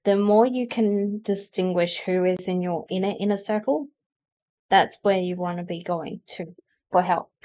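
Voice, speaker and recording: A woman's voice: medium pitch, steady tone, unhurried, warm tone. Chatty woman giving a tarot reading. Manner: chatty, explanatory, talks straight to the viewer. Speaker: tarot reader. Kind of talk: pick-a-card tarot reading.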